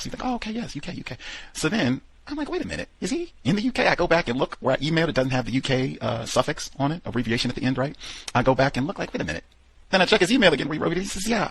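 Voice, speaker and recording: A man's voice: medium pitch, fairly bright tone, husky, no echo, poor audio. A man hosting a radio talk program, telling stories animatedly with lots of quoted asides and fillers. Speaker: radio show host.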